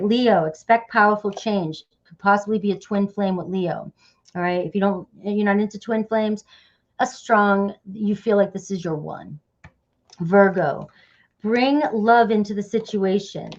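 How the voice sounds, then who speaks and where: A woman's voice: mid-range voice, dull audio. A woman giving a casual tarot reading, chatty and loose, often dropping in "all right" and "okay". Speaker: tarot reader.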